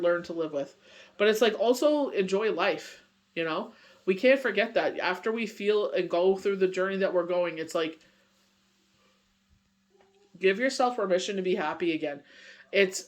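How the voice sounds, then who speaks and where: Tarot reader, male, high voice, rambling and reassuring, casual. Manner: rambling, heavy on "you know" and "like"; earnest and reassuring. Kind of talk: casual daily tarot reading.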